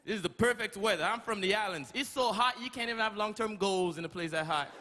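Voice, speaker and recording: A man from Canada doing a stand-up comedy set, with a loud, profane, punchy delivery. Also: sits high, fast talker. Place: large comedy stage with live audience. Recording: loud crowd and room noise.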